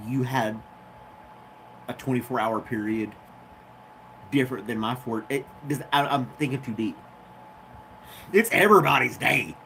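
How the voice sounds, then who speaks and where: A man's voice: medium pitch, bright, forceful tone, a little hiss or hum. Tired nasal man musing aloud. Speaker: channel host. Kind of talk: casual livestream chat. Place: living room at home, seated on a love seat. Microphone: phone.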